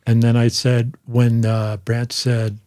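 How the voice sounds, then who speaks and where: Older guy, stand-up comic guest, rambling swear-heavy stories, middle pitch. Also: completely flat delivery, slow, a little mellow. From United States. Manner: loose, profane storytelling. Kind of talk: casual chat.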